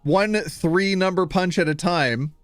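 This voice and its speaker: A man's voice: high-pitched, slow pace, clean tone, no room sound, faint music behind. A man in his thirties hosting a live stream, playful and self-deprecating, fumbling over names and joking with chat. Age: 30s.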